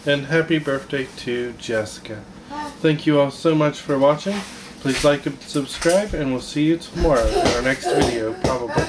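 A man's voice: medium pitch, moderate pace, noisy background. A man co-hosting a casual family vlog, laid-back with dry joking asides. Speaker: co-host, husband.

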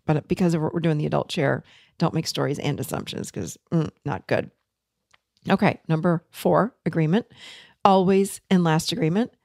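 Brief: woman podcast host, lowish voice, earnest and chatty, dry booth sound. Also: fairly quick, gravelly, a little mellow, no room sound. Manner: earnest, conversational, acts out remembered dialogue. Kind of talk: casual teaching monologue.

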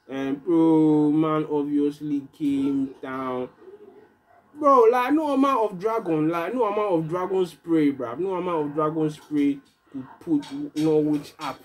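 A young man giving an animated, exasperated rant as a football fan vlogger, repeating his phrases and swinging between loud and soft. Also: sits high. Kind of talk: casual ranting review.

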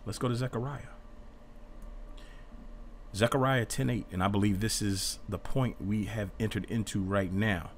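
A man with a fairly low voice leads an informal Bible study. He talks earnestly and a little defensively as he reads and explains passages. A faint hiss sits under his voice. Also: fairly even intonation, moderate pace, long pauses.

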